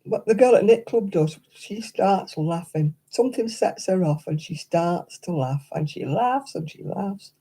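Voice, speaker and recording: A woman's voice: on the low side, animated, a little slow, hardly any pauses, warm tone, breathy edge. An older woman hosting a crafting livestream, telling stories in casual chat and laughing often as she talks. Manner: chatty anecdotal storyteller, laughs often.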